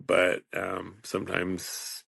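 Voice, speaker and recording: A man's voice: low-pitched, monotone, slow, gravelly, fairly bright tone, husky, dry recording, clean studio sound. A man in his fifties, hosting a solo podcast in a rambling, chatty way and chuckling often. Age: 50s. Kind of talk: casual solo podcast monologue.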